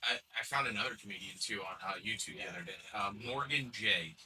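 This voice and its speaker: Bright-voiced man, distant mic. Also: lowish voice, fast. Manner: stammering, chatty, persuasive. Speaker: co-host. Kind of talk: casual podcast chat. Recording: distant mic, faint noise.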